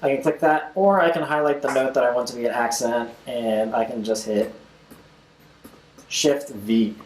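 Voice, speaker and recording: Young man casually explaining music software. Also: medium pitch, moderate pace, reverberant, slight background noise, poor audio. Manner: casual, talks while clicking, scats rhythms aloud. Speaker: music tutorial host. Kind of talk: screen-recorded software tutorial.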